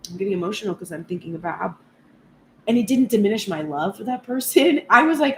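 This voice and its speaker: A woman's voice: medium pitch, expressive, quick pace, fairly bright tone. A woman tarot reader speaking reflectively and earnestly at length in a spoken tarot reading vlog. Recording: echoey room with faint background noise.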